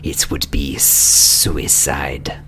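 A man voicing a slow, wary male lizardfolk guard who hisses and speaks in a low, whispery drawl. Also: steady tone, sharp tone, exaggerated voice. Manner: slow hissing, whispery menace. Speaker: game master voicing a guard.

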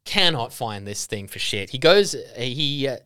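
A man telling an anecdote in a casual podcast chat, animated and swearing. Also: mid-range voice, unhurried, clear, resonant tone. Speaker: podcast guest.

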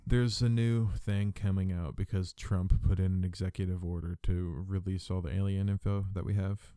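A man with a bassy voice co-hosting a podcast, chatting casually and cutting in with jokes. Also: flat delivery, moderate pace, warm tone, dry recording, studio quality. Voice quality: deep bassy voice. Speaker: podcast co-host. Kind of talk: casual chat.

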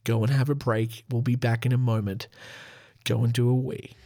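A man's voice: mid-range voice, level tone, normal speed, music in the background. A man hosting a casual solo podcast, reading out a list while laughing at himself and breaking off to joke. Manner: giggly, irreverent, self-interrupting. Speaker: podcast host.

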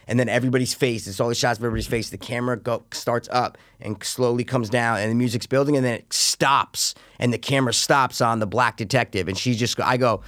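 A man talking casually about a film he has seen, excitable, swearing often and acting out the scenes in voices. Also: mid-range voice, fast talker, few pauses, dry recording, studio quality. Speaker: film reviewer. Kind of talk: casual podcast chat.

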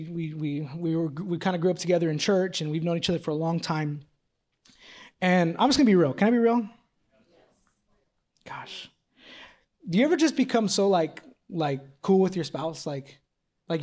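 A man's voice: fairly high pitch, a little mellow. A man in his thirties preaching a sermon. He talks casually and jokingly, full of "like" and restarts, then builds to pressing repeated questions. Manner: casual, joking, confessional, with many fillers and restarts. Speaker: pastor.

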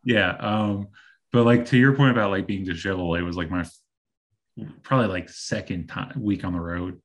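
A man's voice: deep voice, normal speed. A man co-hosting a podcast, recalling his work as a wrestling writer in loose, filler-heavy talk. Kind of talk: casual podcast chat.

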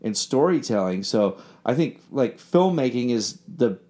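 A man tells stories in an easygoing, meandering way. He circles back, restarts his sentences and leans on casual fillers. His pitch sits in the middle of the usual range for men. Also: lively intonation, a little slow, mellow. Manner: rambling, loose, lots of fillers and restarts. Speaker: filmmaker and songwriter guest. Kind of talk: casual storytelling chat.

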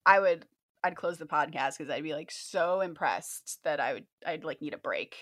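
A woman's voice: low voice, moderate pace, fairly bright tone, no room sound, clean studio sound. A woman co-hosting a podcast, chatting casually and agreeing with enthusiasm. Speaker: podcast co-host. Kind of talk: casual chat.

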